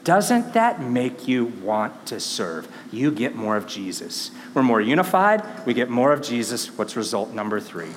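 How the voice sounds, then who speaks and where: A man's voice: mid-range voice, animated, normal speed, hardly any pauses, a little hiss or hum. Preaching man in a reverberant church hall. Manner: dynamic preaching, swings from hushed to emphatic. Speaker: pastor. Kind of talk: sermon. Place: church sanctuary.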